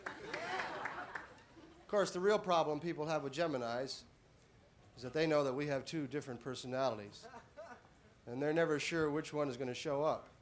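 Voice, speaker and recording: A man doing a stand-up comedy routine on a club stage, deadpan setups that burst into shouted punchlines. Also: a little high, a little fast. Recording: live club audience laughing. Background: audience laughter and applause.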